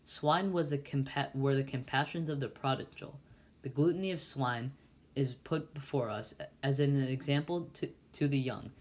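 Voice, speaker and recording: A man's voice: mid-range voice, normal speed, lightly acted. Man reading as preachy parish clerk, pompous, irritable, sermonizing, storybook reading.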